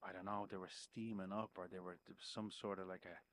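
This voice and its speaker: Lowish-voiced man telling a rambling story. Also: little pitch movement, fast talker, a bit bright, slight background noise. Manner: rambling, swears freely, frequent "right?". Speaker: podcast guest, musician. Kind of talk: casual storytelling chat.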